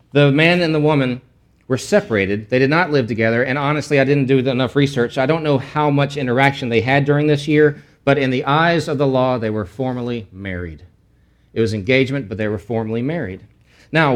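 Conversational male Bible teacher. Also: mid-range voice. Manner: casual and explanatory, with frequent restarts and asides.

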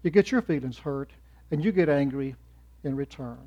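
A man giving a sermon in church, swinging from loud emphatic rises to soft trailing endings. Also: mid-range voice, animated, normal speed. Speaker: church speaker. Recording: muffled lo-fi recording.

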